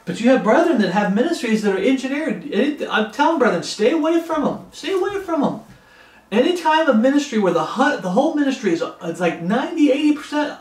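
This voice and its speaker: A man's voice: very high-pitched, reverberant. A man preaching an expository Bible sermon, emphatic, repeating his warnings and reading scripture aloud.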